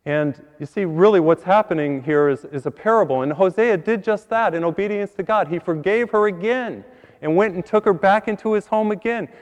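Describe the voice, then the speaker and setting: A priest giving an earnest sermon, repeating words and building to higher emphasis on key points. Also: male voice, brisk, big-room sound, muffled recording. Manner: earnest, repeats words, rises in pitch when stressing a point.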